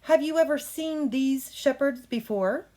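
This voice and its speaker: A woman voicing an earnest male defense attorney in a courtroom play, with slow, deliberate and formal delivery. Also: high-pitched, warm tone, pitched above the performer's own voice.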